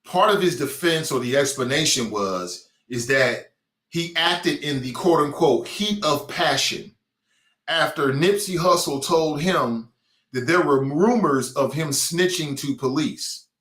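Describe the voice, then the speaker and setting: A man's voice: fairly high pitch, unhurried, fairly bright tone, reverberant. A man hosting a talk show with a Cincinnati accent, delivering a blunt, mocking, streetwise opinion monologue.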